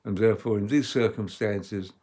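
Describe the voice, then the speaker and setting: A man delivering a sermon as a rabbi, measured and emphatic, with loudness that swells and drops. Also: fairly low pitch, fairly even intonation. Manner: measured, emphatic delivery with strong dynamic swings.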